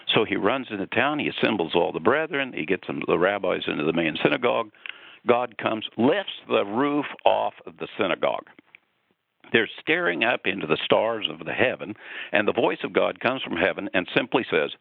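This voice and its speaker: A man calling in as a guest, telling a long story with lively energy. His low voice has a gravelly texture and a dry sound. It comes through a narrow, phone-like line. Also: normal speed, dry recording. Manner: animated storyteller. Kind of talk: casual radio conversation.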